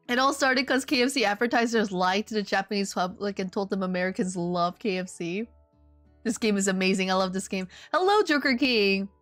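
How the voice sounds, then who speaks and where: A woman's voice: mid-range voice, no echo. A woman streamer playing a game live, joking and chatting animatedly with her viewers. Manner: animated, joking, talks to chat.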